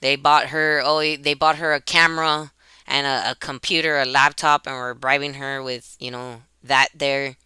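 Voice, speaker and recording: Woman venting into her webcam, bright crisp voice. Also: a bass voice, level tone, moderate pace, no room sound. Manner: emotional, rambling, restarts and repeats herself. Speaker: YouTuber. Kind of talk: personal vlog monologue. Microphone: computer webcam.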